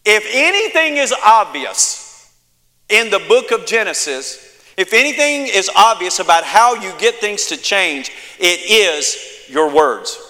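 A man's voice: high-pitched, very animated, unhurried, bright, forceful tone, in a large hall. A man preaching a sermon as pastor, emphatic, with repeated phrases and calls for an amen from the congregation. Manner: emphatic preaching with repetition and call-and-response.

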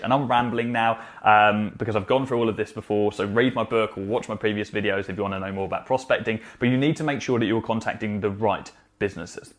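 A man giving direct, emphatic coaching advice in a vlog, often adding "okay?" to press a point. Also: mid-range voice. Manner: emphatic, repeats "okay?" to drive points home. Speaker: social media marketing coach.

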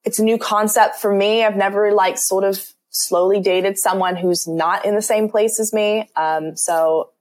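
A woman chatting as a guest on a podcast, in a middle-pitched voice. She hesitates and restarts a lot and laughs easily. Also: fairly even intonation, measured pace, hardly any pauses, a little mellow. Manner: hesitant, many fillers, giggly. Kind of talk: casual chat.

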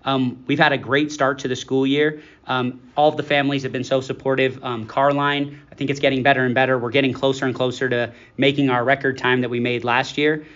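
A man's voice: mid-range voice, little pitch movement, a little fast, hardly any pauses, a bit bright. A man hosting a school podcast, talking in an upbeat, casual way with lots of ums. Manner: upbeat, talkative, many ums. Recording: dull lo-fi sound.

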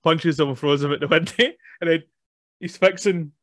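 A man's voice: on the high side, moderate pace, a bit bright, no room sound, studio quality. A man, chatting casually about a film, laughing often as he recaps scenes. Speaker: podcast co-host.

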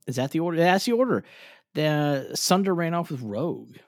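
A man's voice: fairly high pitch, animated, normal speed, dry recording, clean studio sound. A man co-hosting a podcast, recapping a cartoon episode in loose casual chat, rambling with fillers and restarts and swearing now and then. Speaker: podcast co-host.

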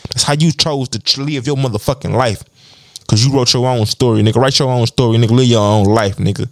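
A man's voice: medium pitch, brisk, dry recording, clean studio sound. A man hosting a podcast, giving a blunt, profanity-heavy motivational monologue. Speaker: podcast host.

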